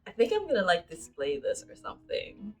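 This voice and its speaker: A woman vlogging an unboxing, excitable and giggly, talking to herself as she opens gifts. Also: medium pitch, fairly quick. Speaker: manga YouTuber. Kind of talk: unboxing vlog, reading a card aloud.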